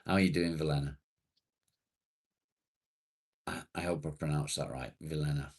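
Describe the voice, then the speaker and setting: A man's voice: rumbling low, fast talker, vocal fry, husky. A man from England hosting a casual livestream, reading and answering chat comments bluntly and swearing freely. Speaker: livestream host.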